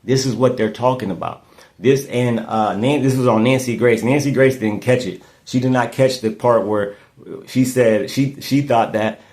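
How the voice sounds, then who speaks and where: A man talks through a case on his own podcast in a loose, conversational way, with no script. He thinks out loud, stumbles, and circles back on his words as he works out his points, keeping his pitch in an ordinary middle range. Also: moderate pace. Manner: repeats and restarts words often, thinking aloud. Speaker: podcast host. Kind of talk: casual true-crime commentary.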